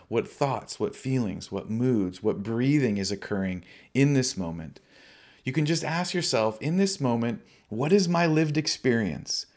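A man giving a relaxed, conversational dharma talk on meditation, often laughing lightly at himself. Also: medium pitch. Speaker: meditation teacher.

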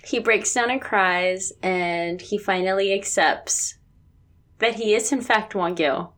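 A woman's voice: mid-range voice, slow, fairly bright tone. Giggly Southern woman recapping a show. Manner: chatty, giggles often, voice jumps up when amused. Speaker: podcast co-host. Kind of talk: casual chat recapping a TV drama.

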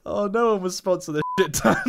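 A man's voice: high voice, normal speed, vocal fry, background noise. A young man, co-hosting a casual podcast and spinning silly scenarios while laughing often. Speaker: podcast co-host. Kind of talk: casual chat.

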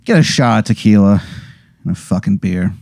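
A man's voice: fairly low pitch, animated, a little fast, vocal fry, a little mellow, no room sound, clean studio sound. A man acting as game master, narrating an improvised comedy scene in a rambling, profane, joking way. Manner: rambling, profane, laughing storyteller.

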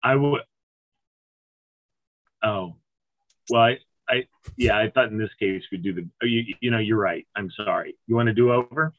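A man hosting a podcast in casual, joking chat, halting with fillers. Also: fairly low pitch, no echo, phone-quality sound. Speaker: podcast host.

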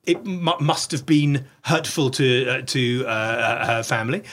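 A man's voice: mid-range voice, steady tone, measured pace, a bit bright. A middle-aged man talking as an interview guest, blunt and profane, tumbling over restarts as he speaks. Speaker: podcast guest. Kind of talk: candid interview conversation.

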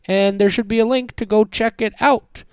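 High, smooth-voiced male podcast co-host. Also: fairly even intonation, normal speed, a little mellow, no room sound. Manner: swearing, rambling with many fillers. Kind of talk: casual chat.

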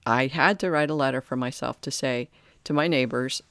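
A podcast host giving a reflective spiritual talk, thoughtful and halting, often restarting phrases. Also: medium pitch, a bit bright, clear, resonant tone, no room sound.

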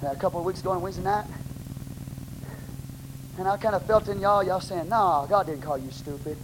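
A man with a Texan accent, preaching a sermon as pastor in a blunt, plain-spoken way, bursting into shouts. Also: high-pitched, brisk. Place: church sanctuary. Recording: noisy live church recording.

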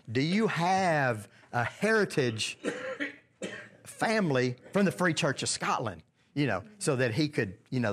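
Man leading a casual Bible study. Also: fairly high pitch. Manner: conversational, asks the group questions, many restarts.

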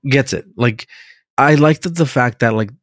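A man in casual chat, recapping a TV episode with a profane, animated style and quick impressions of the characters. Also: medium pitch, no echo, studio quality.

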